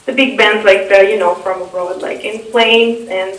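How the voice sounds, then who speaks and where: A young woman with a Russian accent talks through interview answers in an unhurried, hesitant way, full of fillers and false starts. Her voice sits at an ordinary pitch and comes from some distance off the mic in an echoey room. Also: steady tone, a bit bright. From Eastern Europe. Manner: hesitant, lots of fillers and restarts. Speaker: interview guest.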